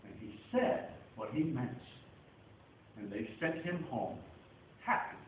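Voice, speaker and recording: A man reading a rhyming children's story aloud with a playful, animated delivery. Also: mid-range voice, slow, a little hiss or hum. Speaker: storybook reader. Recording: tinny, echoey, distant recording.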